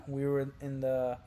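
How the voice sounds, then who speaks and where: A young man casually telling crude stories on a podcast, sliding from low mumbles into loud, animated outbursts. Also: noisy background. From Brazil. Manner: animated, gets loud and laughing when telling wild stories. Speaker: podcast co-host. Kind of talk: casual storytelling chat.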